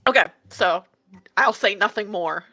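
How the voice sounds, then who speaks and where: A woman's voice: medium pitch, a little slow, sharp tone, dry recording. A woman introducing herself as a player on a stream, chatty and giggly. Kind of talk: casual livestream chat.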